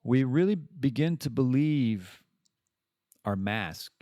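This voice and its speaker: A man's voice: mid-range voice, animated, slow pace, warm tone, no room sound, lo-fi sound. A man hosting a podcast, talking in a rambling, casual monologue full of restarts and the odd swear word. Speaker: podcast host.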